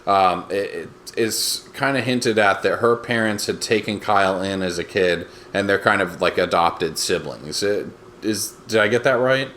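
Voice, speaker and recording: A man's voice: on the low side, moderate pace, fairly bright tone, slight background noise. A man co-hosting a podcast, retelling a TV episode with dry, teasing humor. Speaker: podcast co-host. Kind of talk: casual TV recap chat.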